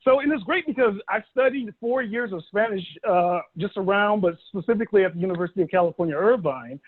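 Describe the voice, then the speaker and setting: High-voiced man telling stand-up jokes over a phone. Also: fast talker. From Dallas, Texas. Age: 30s. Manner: conversational, animated storytelling with acted-out quotes. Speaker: stand-up comedian. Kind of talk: stand-up comedy set. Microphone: phone held by his son. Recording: thin phone-like audio.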